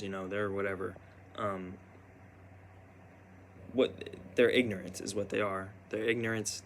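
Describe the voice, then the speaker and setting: Young guy rambling thru a story vlog, keeps restarting, kinda low voice but bright. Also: slight background noise. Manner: rambling, halting, many restarts and fillers.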